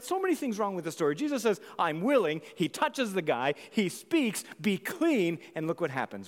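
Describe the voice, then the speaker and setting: A man preaching a sermon as pastor, animated, swinging from loud exclamations to hushed near-whispers. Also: sits high, moderate pace, few pauses, in a large hall.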